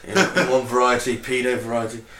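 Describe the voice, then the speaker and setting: A podcast co-host with a dry, crude manner who reads out odd facts in a medium-pitched male voice. The sound is roomy and echoey. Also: fairly even intonation, fairly quick, pushed and bright. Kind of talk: reading out facts, casual banter. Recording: echoey room.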